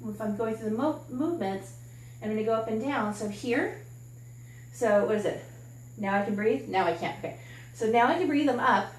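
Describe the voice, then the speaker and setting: A woman coach talks through a workout as she moves, candid and encouraging, her voice a bit high. She sometimes sounds slightly out of breath. The sound comes from a camera some distance away in a reverberant room. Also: a little hiss or hum. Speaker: fitness coach. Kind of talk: casual workout demonstration. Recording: echoey room from off-mic.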